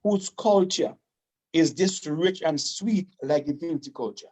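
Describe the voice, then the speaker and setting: A man with a Vincentian accent, from Saint Vincent, chatting casually as a guest, animated, proud and fast-talking. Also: on the high side. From Saint Vincent and the Grenadines. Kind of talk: casual chat.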